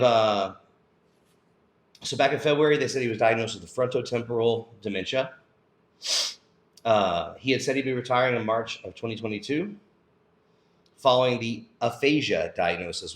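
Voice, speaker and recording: A man's voice: mid-range voice, roomy sound. A man hosting a news show, going through stories in a casual, conversational way. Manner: conversational, with fillers. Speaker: news commentary host.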